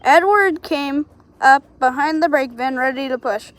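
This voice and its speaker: High-voiced woman reading a storybook. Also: a little slow, fairly bright tone. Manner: unpolished reading with small slips and apologies. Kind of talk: reading a children's storybook aloud.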